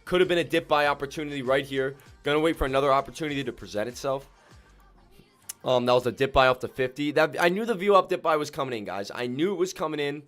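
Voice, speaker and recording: A man streaming his day trading live, slangy and excitable, swinging between calm muttering and loud whoops as he talks to his viewers. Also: a little high, fast talker, soft background music. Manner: slangy, keeps addressing viewers as ladies and gentlemen.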